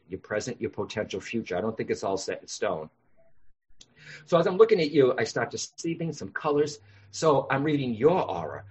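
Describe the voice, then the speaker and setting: A man, a psychic medium guest on a podcast interview, telling lively stories and explaining his work. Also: mid-range voice, slightly rough. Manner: animated, acts out voices in anecdotes. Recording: dull lo-fi sound.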